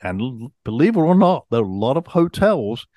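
A man's voice: mid-range voice, big pitch swings, brisk, mellow, dry recording. Easygoing middle-aged English man, dry sound. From England. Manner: easygoing, chatty, self-deprecating. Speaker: podcast co-host. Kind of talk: casual chat.

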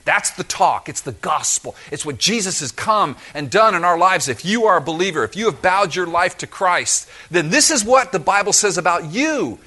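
A man preaching a sermon as pastor, lively and emphatic with touches of humor. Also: sits high, moderate pace, few pauses.

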